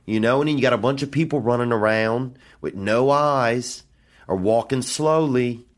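A man's voice: medium pitch, moderate pace. A man hosting a solo podcast from a hotel room, rambling and meandering through his thoughts with frequent fillers and casual profanity. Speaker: podcast host.

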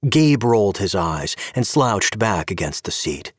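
A man giving an expressive scripted narration of an audio story. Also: lowish voice, a little slow, no room sound, clean studio sound.

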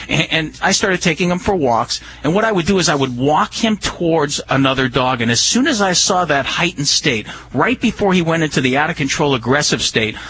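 A man on a radio talk show, explaining dog behavior and training in a calm, earnest way. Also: a little high, slight background noise, rough recording. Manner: calm, earnest explaining with many "you know"s. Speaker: dog trainer answering listener questions.

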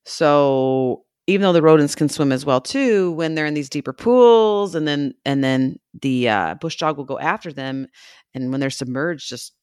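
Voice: mid-range voice, animated, normal speed, smooth, no room sound, clean studio sound. Gushing, enthusiastic podcast co-host. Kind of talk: casual chat.

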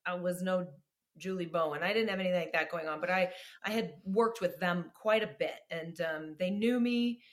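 A middle-aged actress telling stories in a casual interview, animated and self-deprecating, laughing often. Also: female voice, lowish voice, moderate pace. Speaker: actress and guest.

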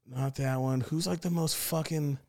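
A man's voice: on the high side, fairly even intonation, a little mellow, dry recording, clean studio sound. A man hosting a podcast, chatting casually and swearing freely as he plays a trivia game. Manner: swearing, quick banter. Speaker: podcast host.

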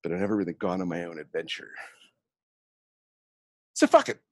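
A man's voice: low voice, moderate pace, a little mellow, no echo, clean studio sound, voice pushed down, lightly acted. A man playing a weary showman wizard in his late sixties, speaking in a drawling, world-weary way that is grand but tired.

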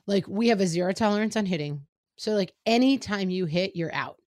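A middle-aged woman chatting frankly about parenting, quoting her kids in quick asides. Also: mid-range voice, darkish tone, no room sound, clean studio sound. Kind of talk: casual chat about parenting.

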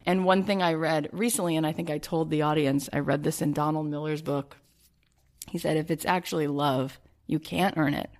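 A woman's voice: low-pitched, fairly even intonation, normal speed, darkish tone. A woman hosting a heartfelt conversation, earnestly telling a personal story and quoting what others said. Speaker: host.

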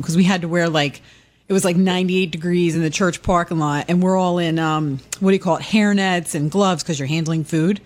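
A woman's voice: fairly low pitch, fairly quick. A woman in casual on-air chat, telling a story and acting out the voices of the people in it. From Irish Catholic family. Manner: animated, acts out quoted voices, laughs often.

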